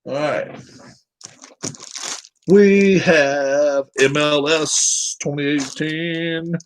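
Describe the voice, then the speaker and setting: A man's voice: fairly high pitch, fairly even intonation, very slow, slight background noise, poor audio. A man hosting a live stream, chatting casually with his viewers in a rambling way while setting up a game.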